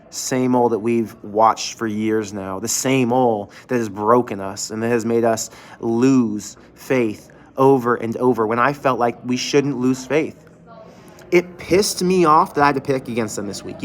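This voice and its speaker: A man at an ordinary middle pitch hosts a livestream for his fan channel, sitting in an empty, closed restaurant. He vents candidly and sounds fed up, with casual swearing throughout. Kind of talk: livestream venting reaction.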